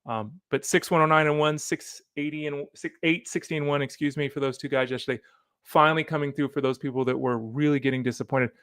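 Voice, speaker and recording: A man hosting a solo fantasy football podcast, animated and opinionated, talking straight to the listener. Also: on the high side, fast talker, dry recording, clean studio sound. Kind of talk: solo sports podcast commentary.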